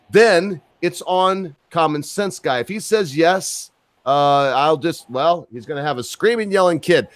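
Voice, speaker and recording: A man's voice: a little high, animated, normal speed, no room sound. A man hosting an opinionated chat show, rambling, swearing and losing his train of thought. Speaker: podcast host.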